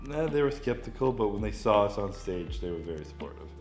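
A man's voice: on the low side, big pitch swings, quick pace, darkish tone. A man in his twenties, giving short, laid-back answers in a casual quiz chat and laughing easily. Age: 20s. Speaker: vlogger being quizzed. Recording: roomy sound with music behind.

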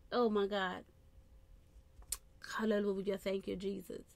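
A woman preaching a sermon, constantly breaking in with short praise phrases and dropping to soft murmurs between points. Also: on the high side, measured pace, creaky, no echo.

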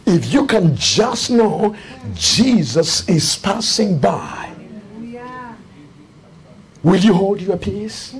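A man preaching a fervent sermon in a church, often shouting. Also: high voice, sing-song, drawn-out words, long pauses. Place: church with congregation. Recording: congregation responding behind.

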